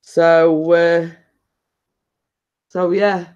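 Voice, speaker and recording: A woman's voice: on the low side, little pitch movement, drawn-out words, a little mellow, smooth, muffled recording. A woman with a northern English accent chatting casually on a live stream, rambling and laughing often.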